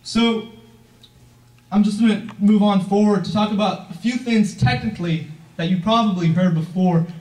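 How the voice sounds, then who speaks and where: High-voiced teenage boy speaking in an echoey hall. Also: normal speed, a little mellow. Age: teens. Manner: earnest, emphatic, asks the audience questions. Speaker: youth founder giving a talk. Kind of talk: motivational speech. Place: event room, heard from a distance. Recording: echoey room from far off.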